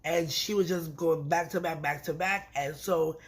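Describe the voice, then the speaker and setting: A woman giving a casual recap of a reality TV episode, talking in an animated, emphatic way and repeating words for effect. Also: low voice, normal speed. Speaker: reality TV reviewer.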